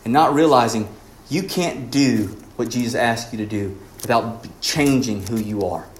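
A man, a pastor, preaching a sermon, rising to emphatic peaks and dropping quiet again. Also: mid-range voice, a little slow, echoey room.

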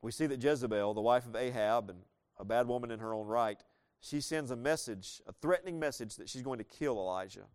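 A man preaching a sermon, explaining a Bible story in a conversational way with playful asides and reading scripture slowly. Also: medium pitch, smooth.

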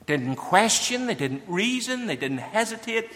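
A man's voice: sits high, big pitch swings, unhurried, fairly bright tone. A man preaching a sermon, earnestly putting questions straight to his listeners. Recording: long hall reverb.

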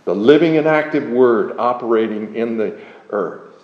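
A man preaching a sermon in a slow, measured, emphatic way, explaining a psalm verse by verse. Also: medium pitch, expressive. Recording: muffled, roomy recording.

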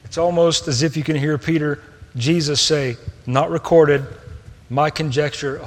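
A man preaching a sermon, earnest, moving between hushed tender passages and raised emphatic ones. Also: on the high side, fairly even intonation, unhurried, slight background noise. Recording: long reverb of a hall.

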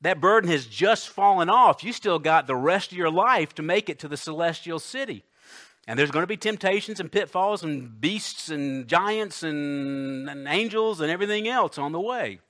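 A man preaching a sermon, emphatic, swinging between loud declarations and hushed asides, reading scripture slowly. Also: on the high side, lively intonation. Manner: reads scripture aloud slowly and deliberately.

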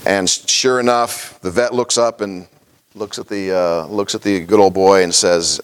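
A man's voice: low-pitched, fairly even intonation, moderate pace, slight background noise. A middle-aged man, a pastor, preaching a sermon in a folksy storytelling way, with many fillers and small chuckles.

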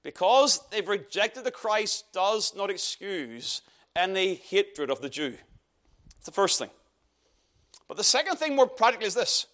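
A man's voice: sits high, sing-song, unhurried, fairly bright tone. A man preaching an expository sermon, emphatic and asking rhetorical questions.

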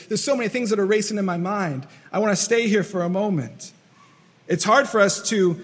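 Male pastor, high-pitched, earnest sermon delivery with long hall reverb. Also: slightly rough. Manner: earnest, repetitive, acts out quoted voices.

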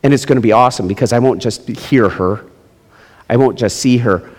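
A middle-aged man preaching a sermon as pastor, swinging between loud, high emphasis and low, quiet drops. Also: brisk. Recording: long hall reverb.

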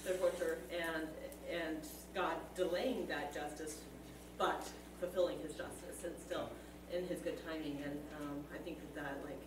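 Low-voiced woman far off in a roomy space. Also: steady tone, a little slow. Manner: hesitant, many fillers, laughs easily. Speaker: class participant. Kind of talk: comment in group discussion. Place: classroom, away from the mic. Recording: distant, roomy, with clear room noise.

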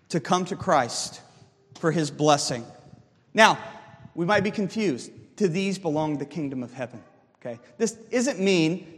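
A man's voice: high voice, big-room sound. A man preaching a sermon, explaining scripture and checking in with the congregation with frequent "okay?". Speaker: pastor.

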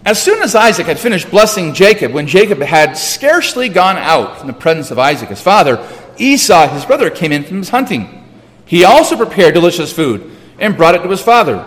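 A man reading scripture aloud in a measured way, with small restarts, heard with a long hall reverb. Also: sits high, sing-song, fairly bright tone. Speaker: scripture reader.

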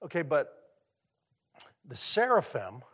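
Middle-aged male pastor, fairly high voice, chatty preaching style with questions for the room. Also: huge pitch swings, slow pace, fairly bright tone, husky. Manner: conversational, asks the audience questions; repeats words when restarting. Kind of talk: sermon.

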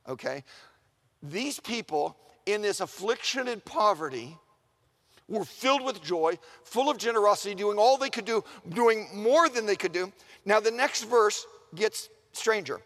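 A man preaching a sermon in an animated way, asking the room questions and acting out the voices he quotes. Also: high-pitched, brisk. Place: large chapel. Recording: long reverb of a large chapel.

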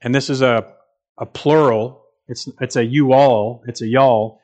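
A man's voice: mid-range voice, steady tone, measured pace, a little mellow. Earnest man preaching a sermon. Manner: earnest, emphatic, repeats phrases for stress.

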